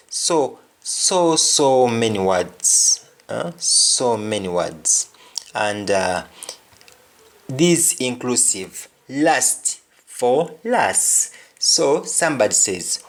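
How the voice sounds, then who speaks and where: A man's voice: medium pitch, sing-song, very slow. A man teaching a language lesson, repeating each word several times as he explains it. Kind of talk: spoken lesson on patois phrases.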